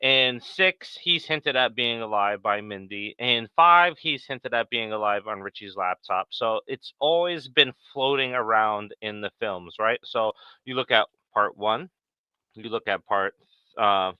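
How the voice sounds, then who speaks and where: A man's voice: fairly low pitch, unhurried, bright, forceful tone, smooth, no room sound, highs cut off. A man co-hosting a casual fan podcast who talks steadily, reads out viewer comments and agrees readily. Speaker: podcast co-host.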